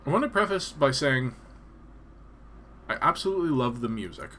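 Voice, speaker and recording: A man from Canada talks loosely to his live-stream viewers, voice sitting at an ordinary middle pitch. He wanders from thought to thought, often stopping to hesitate or restart a sentence. Faint noise hums behind him. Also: sing-song, normal speed, sharp tone. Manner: rambling, hesitant, lots of ums and restarts. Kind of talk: casual live-stream chat.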